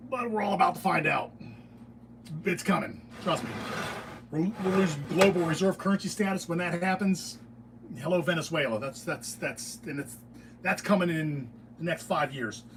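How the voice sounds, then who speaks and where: A middle-aged American man, a beekeeping channel host, giving an opinionated, digressive casual monologue in his workshop, often restarting his sentences. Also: high-pitched. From United States. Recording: distant mic with faint room noise.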